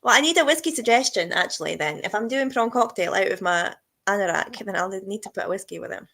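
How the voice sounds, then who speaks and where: A woman hosts a relaxed live-stream chat. She talks freely, giggles often and teases her guests. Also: mid-range voice, fast, gravelly. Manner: chatty and giggly, teasing. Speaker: host.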